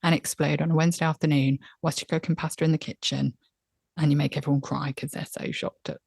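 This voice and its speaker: Gravelly-voiced candid woman guest. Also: low voice, fast, no room sound, studio quality. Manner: candid, expressive, acts out her own inner voice. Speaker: podcast guest. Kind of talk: conversational interview. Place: home, on a laptop call.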